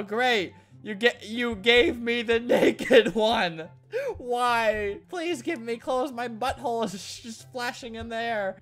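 A man's voice: high voice, a bit bright. A man giving joking gameplay commentary, playing at being sad and sarcastic and often breaking into laughter. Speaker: gaming commentator.

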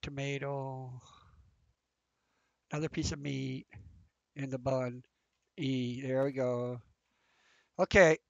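A gameplay commentator with a medium-pitched, steady, creaky voice talks slowly, leaving long pauses. He thinks aloud as he plays, sounding casual and flustered. The recording is dull, lo-fi and dry, with no room sound.

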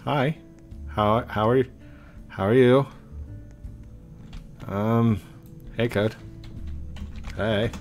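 A man's voice: mid-range voice, fairly even intonation, drawn-out words, pauses often, faint music behind. A man hosting a gaming video, rambling and joking with other players in casual commentary.

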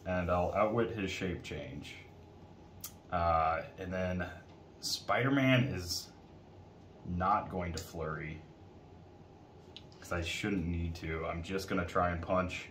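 A man's voice: low voice, slow, pauses often, a bit bright. A man talking through his moves in a tabletop miniatures game, matter-of-fact and casual. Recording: echoey room with faint noise.

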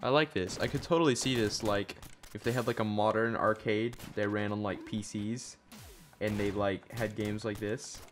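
A young man with a fairly low voice chats through a game session, joking and rambling with plenty of fillers. Faint game noise runs quietly behind him. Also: fairly even intonation, moderate pace. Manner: joking, rambling with many likes. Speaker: gaming channel host. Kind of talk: casual gameplay chat.

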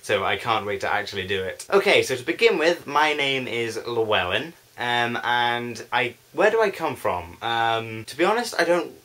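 A man's voice: medium pitch, big pitch swings, moderate pace, few pauses, pushed and bright. A young man from northwest England with a posh English accent, chatting casually on his vlog in a giggly, unsure and self-mocking way as he reads out a list of words. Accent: posh southern English. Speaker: vlogger.

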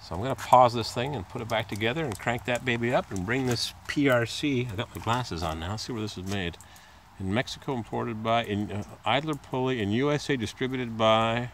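A brisk-voiced man makes a casual car repair video, holding his phone camera while working beside the car in a driveway. There's slight background noise as he rambles on in a chatty way, occasionally doing high-pitched squeak impressions.

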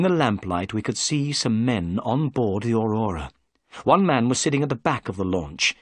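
A man reading a story aloud for English learners, clear and expressive. His intonation is lively, with wide swings in pitch. The recording is close and dry. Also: moderate pace, no echo. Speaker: narrator.

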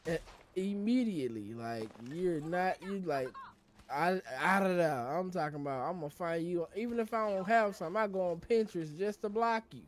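A man's voice: high voice, moderate pace. A man streaming a game and ranting in blunt, profane, slangy casual chat. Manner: slangy, loose talk. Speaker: livestreaming gamer.

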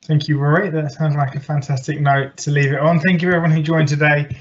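A man's voice: a little high, little pitch movement, fast talker. A man hosting a webinar, politely thanking the speaker and wrapping up. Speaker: host. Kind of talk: moderating a webinar. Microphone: video call. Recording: lo-fi online call audio.

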